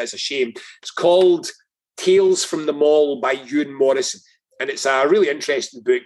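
A Scottish man speaks as a podcast guest in a husky voice that sits a little high for a man. He tells his anecdotes with animated emphasis and drops the odd swear word. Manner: animated, emphatic storyteller who swears freely. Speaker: guest, political strategist. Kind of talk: casual podcast conversation, storytelling.

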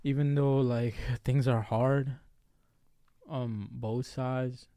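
A man's voice: mid-range voice, steady tone, extremely slow, dark tone, clean tone, dry recording. Man, podcast co-host, casual chat, swears freely, jokes around, very dry close sound. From Mexico. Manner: loose, profane, joking.

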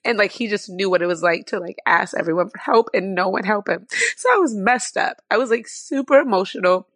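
A woman guest telling an emotional personal story, impassioned and near tears, with many fillers and halting restarts. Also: medium pitch, fairly bright tone, no room sound.

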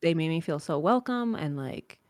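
A woman's voice: low voice, animated, moderate pace, darkish tone, no room sound, studio quality. A woman, a roller derby skater, chatting as a podcast guest, with many filler words. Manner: chatty, frequent likes and ums. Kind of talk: casual podcast interview.

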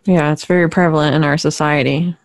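An interview host who asks questions and keeps affirming the guest. The tone is supportive and engaged, set at a middle pitch. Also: fairly even intonation, fairly quick. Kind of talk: conversational interview.

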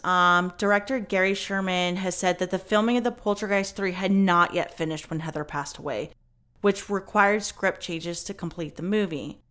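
A woman's voice: lowish voice, a bit bright. A woman hosting a podcast, telling a story in casual chat with lots of fillers and some swearing. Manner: chatty, many fillers, swears. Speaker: podcast host.

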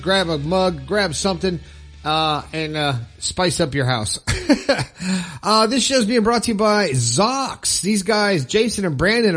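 A man hosting his podcast, chatting casually and upbeat, rambling a little and chuckling at his own jokes. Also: sits high. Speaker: podcast host. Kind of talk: casual podcast chat with ad reads.

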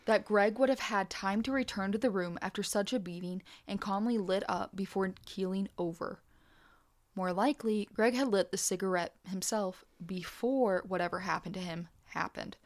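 A woman co-hosting a podcast, reading a nonfiction account aloud in a steady, measured way. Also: medium pitch. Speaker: podcast co-host.

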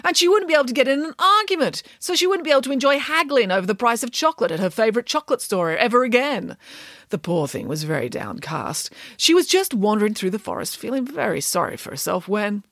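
A woman's voice: a little high, sing-song, quick pace, fairly bright tone, no echo, studio quality. Playful woman reading a storybook. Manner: playful and wry. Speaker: audiobook narrator. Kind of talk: scripted storybook narration.

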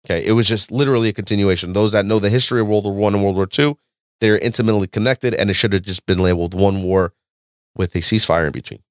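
A man hosting a podcast, ranting and lecturing in a loud, profane, animated way. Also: lowish voice, fast talker, dry recording, studio quality. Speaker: podcast host. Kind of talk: casual podcast chat.

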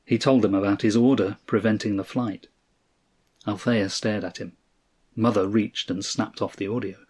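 A man narrating a story in a measured, dramatic reading style. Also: fairly low pitch, fairly even intonation, darkish tone, husky.

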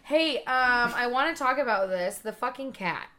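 A young woman with a somewhat high voice tells a story on a casual podcast. She is animated and swears freely as she talks. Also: normal speed, slight background noise. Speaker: podcast co-host.

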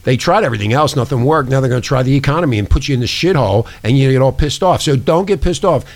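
Lively, profane talk show host man. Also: mid-range voice, quick pace. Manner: profane, ranting, conspiratorial. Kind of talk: casual talk show monologue. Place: small studio.

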